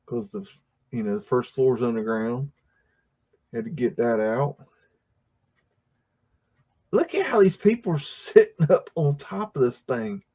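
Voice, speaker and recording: A man's voice: mid-range voice, expressive, measured pace, long pauses, warm tone, breathy edge. Man, livestream host, rambling, chuckling, filler words, casual photo commentary.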